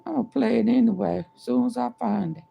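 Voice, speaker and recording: A woman's voice: on the high side, quick pace, gravelly, mellow, slightly rough. A woman vlogger chatting to her live viewers in a casual, repetitive way. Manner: chatty, repeats herself, talks to viewers. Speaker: livestream vlogger. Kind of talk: casual live-stream commentary.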